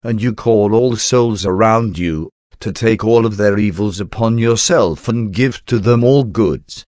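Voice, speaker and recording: A man reads a prayerful devotional meditation in a slow, unhurried cadence, each phrase given room. His voice sits on the low side, and the recording is dry and close with no room sound. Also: a little mellow, no room sound. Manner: slow, solemn, intimate prayer addressed to Jesus. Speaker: devotional reader.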